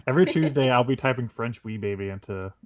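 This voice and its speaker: A man's voice: mid-range voice, lively intonation, fast. A man co-hosting a gaming podcast, teasing the others in playful banter. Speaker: podcast co-host.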